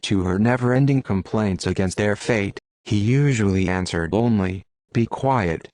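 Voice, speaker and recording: A man reads an audiobook in a low, steady voice. The recording is dry and close, with no room sound. His delivery is even and unhurried. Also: no echo. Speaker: audiobook narrator. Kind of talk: scripted narration.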